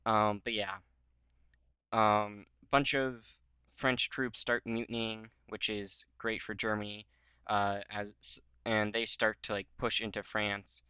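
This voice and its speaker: A man's voice: on the low side, little pitch movement, unhurried, bright, forceful tone, smooth, dry recording, lo-fi sound. A man talking casually over a history map, rambling with many "um"s and "like"s and goofy jokes. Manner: rambling, filler-heavy, joking. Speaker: history channel host.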